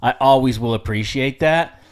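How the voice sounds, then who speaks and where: A man's voice: mid-range voice, moderate pace. A man in his thirties, raised in Samoa, co-hosting a podcast in casual storytelling chat, rambling and laughing, with frank swearing. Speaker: podcast co-host.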